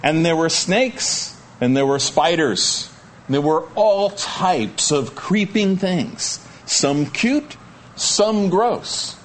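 A male pastor delivers a sermon in a fairly high, expressive voice, drawing out his words over a faint hiss or hum. He reads scripture aloud, then unpacks it in a chatty, folksy manner, tossing joking asides to the congregation.

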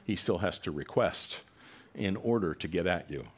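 Conversational low-voiced male preacher. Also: lively intonation, normal speed. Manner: conversational preaching, acts out quoted voices with rising animation. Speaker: pastor. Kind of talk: sermon.

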